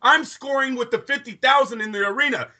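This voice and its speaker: A man's voice: very high-pitched, brisk, pushed and bright. A man co-hosting a boxing podcast, ranting in a heated debate, profane and insistent.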